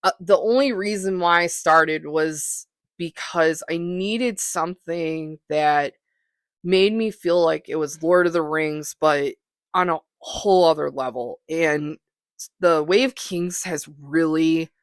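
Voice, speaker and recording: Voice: medium pitch, slow, no echo, studio quality. A podcast host talking through books in a casual solo monologue, rambling and hesitant with lots of fillers, enthusiastic and self-deprecating.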